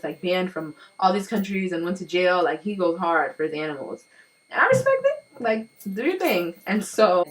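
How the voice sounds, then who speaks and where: Young woman vlogging, kinda low voice, lots of like and you know, just the phone mic. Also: rough recording. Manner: chatty, with many "like" and "you know" fillers. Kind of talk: casual talk to camera. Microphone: built-in camera or phone mic, no external microphone.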